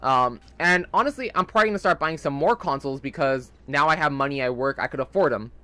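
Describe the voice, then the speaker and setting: A man's voice: a little high, quick pace, pushed and bright, no echo. A young man rambling casually in gameplay commentary, chatty and full of fillers. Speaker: gaming channel host.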